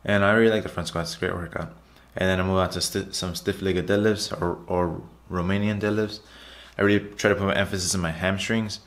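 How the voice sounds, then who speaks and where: A man's voice: low-pitched, fairly even intonation, fairly quick, hardly any pauses. A man narrating his workout footage as a casual vlog voiceover, chatty and repetitive, often calling out to his viewers. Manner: loose, repetitive, chatty, says "guys" often. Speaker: fitness vlogger.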